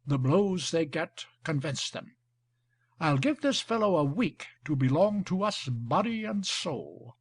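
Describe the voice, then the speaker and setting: A man's voice: a little high, a little slow, exaggerated voice. A man reading as a cynical gouty old marquis. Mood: wry. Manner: ironic, flattering, smooth talker. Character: scheming older male marquis with gout, cynical.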